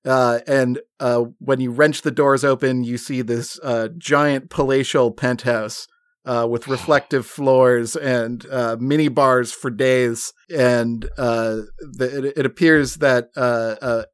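A man's voice: mid-range voice, fairly even intonation, slow pace, no echo, clean studio sound. Laughing man running a comedic tabletop game. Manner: laughing often, filler-heavy storytelling. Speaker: game master.

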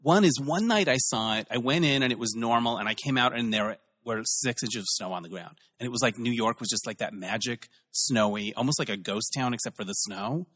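A man's voice: medium pitch, brisk, hardly any pauses, fairly bright tone, husky, in a large hall. A male host asking questions and rambling enthusiastically in a casual interview chat. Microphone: video call.

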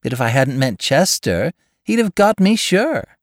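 A man reading aloud, voicing a shrill, snobbish woman. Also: sing-song, a little slow, no echo, studio quality. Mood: indignant.

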